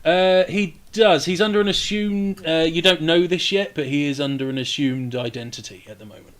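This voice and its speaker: Male game master, slightly raised pitch, relaxed and hesitant narration. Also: moderate pace.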